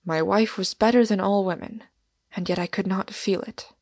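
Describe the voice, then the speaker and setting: A woman reading a big wistful englishman, soft and earnest, gravelly edge, dry close sound. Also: medium pitch, fairly even intonation, normal speed, no echo, lightly acted. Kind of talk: audiobook character reading.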